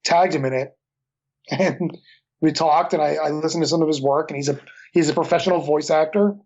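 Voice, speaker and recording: A man with a fairly high voice answers interview questions casually, stopping and restarting often with lots of fillers. His audio comes through dull and lo-fi. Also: fairly even intonation, darkish tone. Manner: halting, many restarts and fillers. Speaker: guest comic creator.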